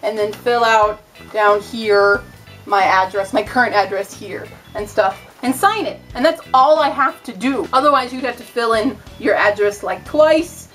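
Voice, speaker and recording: A woman's voice: fairly high pitch, measured pace, a bit bright, soft background music. A young American woman in her twenties giving a casual, chatty vlog explainer, full of sarcastic, self-mocking asides. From United States. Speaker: vlogger.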